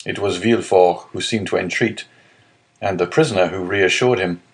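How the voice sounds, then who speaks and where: A man narrating a classic novel in a steady, measured reading. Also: sits low. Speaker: audiobook narrator. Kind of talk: scripted narration.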